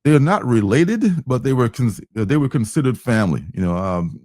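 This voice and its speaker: Male livestream host, relaxed and rambling; dry, close sound with a mid-range voice. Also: medium pitch, normal speed, no room sound. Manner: loose, hesitant and meandering. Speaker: comic book reviewer and livestream host. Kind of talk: casual livestream chat.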